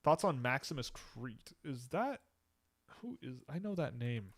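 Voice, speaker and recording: A Canadian man at a middle pitch, talking casually on a livestream. He thinks aloud and restarts sentences as he answers chat questions. The sound is dry and close, with no room behind it. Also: very animated, unhurried, no room sound.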